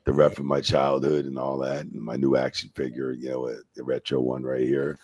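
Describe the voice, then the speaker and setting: A middle-aged man who is a guest on a wrestling podcast, telling stories excitedly and swearing freely, often tagging sentences with "man". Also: extremely low pitch, a little fast, no echo, lo-fi sound. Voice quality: gravelly and husky. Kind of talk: animated storytelling in casual chat.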